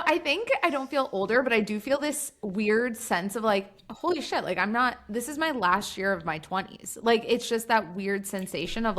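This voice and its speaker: A woman's voice: mid-range voice, a bit bright. A woman in her late twenties co-hosting a podcast, chatting casually in a chatty, self-mocking way. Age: 20s. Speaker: podcast co-host. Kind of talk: casual chat.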